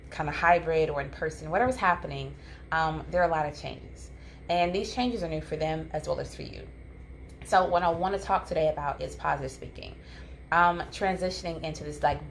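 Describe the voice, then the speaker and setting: Woman, low register, relaxed parenting coach, filler-heavy delivery. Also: slight background noise. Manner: conversational, many ums and likes. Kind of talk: casual advice talk.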